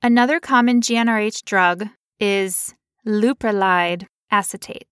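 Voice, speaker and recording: Woman podcast co-host, chatty explainer, easy laughs, dry close mic, even middle pitch. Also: measured pace, clear, resonant tone, dry recording. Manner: playful, laughs often, explains at length. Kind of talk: casual podcast chat.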